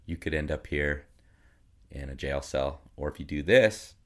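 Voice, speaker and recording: A man in his thirties with a notably deep voice, chatting as a podcast guest. He tells stories about his family casually and animatedly. He jumps into voices for his kids as he goes. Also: measured pace. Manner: animated storyteller who acts out his kids. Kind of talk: casual storytelling.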